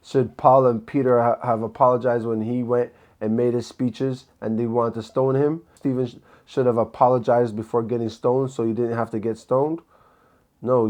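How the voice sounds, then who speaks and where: A man's voice: mid-range voice, darkish tone. A man giving preacherly commentary, emphatic and full of rhetorical questions and scripture quotes. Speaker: commentator on a podcast clip.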